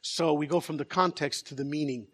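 A man's voice: on the high side, steady tone, a little fast, a bit bright, slightly rough, big-room sound. A man preaching a sermon as pastor, telling a story with animation, repeating words and joking with the congregation. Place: large church.

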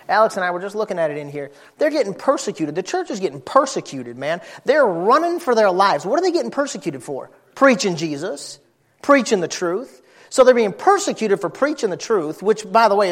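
A man preaching a sermon, telling a personal story in an animated, folksy, emphatic way. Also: fairly high pitch.

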